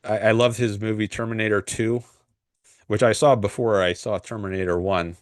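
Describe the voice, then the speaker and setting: A man hosting a casual livestream, chatting loosely and reading out viewer comments, with many pauses, fillers and restarts. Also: fairly low pitch, steady tone, no echo, studio quality. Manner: rambling and hesitant, frequent fillers and restarts. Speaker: livestream host.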